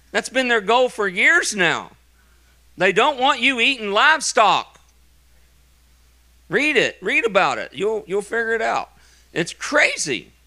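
A man's voice: high-pitched, pushed and bright. A middle-aged man, a pastor preaching a sermon in a church in a folksy manner, with joking asides between emphatic points. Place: church sanctuary.

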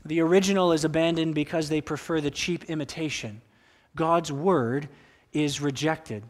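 A male pastor preaching from the pulpit of a church. His voice sits a little high, and his delivery is expressive as he acts out the voices in the quotes he tells. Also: moderate pace. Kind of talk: sermon. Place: church sanctuary.

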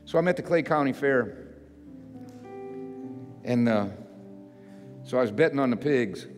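An older man, a pastor, preaching a sermon in a folksy, self-mocking way that builds into loud, emphatic repetition. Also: medium pitch, animated, unhurried. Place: church sanctuary. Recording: church hall reverb with faint music.

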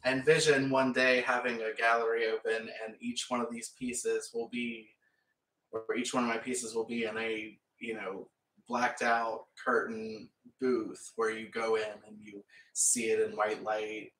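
Speaking a little slowly with little pitch movement, a painting vlogger chats and rambles over his work and laughs frequently. His mid-range voice is a bit bright, and the recording carries slight hiss or hum, room echo and a far-off mic.

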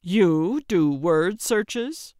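A woman's voice: lowish voice, expressive, very slow, mellow, no echo. A woman doing a grumpy older man. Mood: grumbling. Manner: grumbling, dry.

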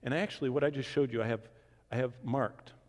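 A man teaching the Bible in a question-and-answer session, swinging from emphatic declarations to hushed asides. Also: mid-range voice, fairly quick. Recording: long reverb of a large hall.

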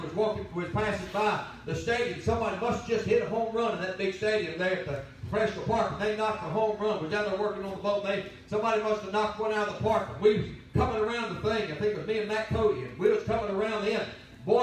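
A man's voice: high-pitched, a little hiss or hum. A man preaching a sermon as pastor, telling folksy stories. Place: church sanctuary. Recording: very echoey church from a distance.

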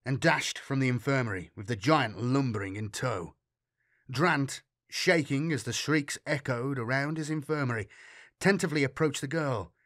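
A man narrating a grim sci-fi audiobook in an expressive storytelling reading. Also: mid-range voice, moderate pace, dry recording, clean studio sound. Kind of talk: scripted narration.

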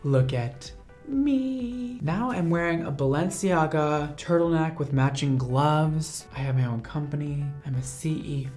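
A man's voice: on the high side, steady tone, normal speed, few pauses, darkish tone, soft background music. A young man, a hairstylist, telling a storytime with dramatic, sassy asides. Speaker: hairstylist and channel host. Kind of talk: animated storytime narration.

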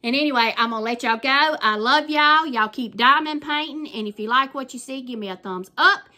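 An older woman with a Southern US accent hosts a casual crafting vlog. Her voice sits slightly high and sounds bright and forceful. She talks in a chatty, effusive way and keeps calling her viewers y'all. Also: a little fast. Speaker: crafting vlogger.

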